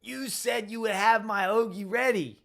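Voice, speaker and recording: A man voicing an angry male sports fan with a Delaware County accent, yelling at a cashier in a loud, whiny complaint. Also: high voice, normal speed, vocal fry, pitched above the performer's own voice. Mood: furious. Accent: Delaware County, Pennsylvania.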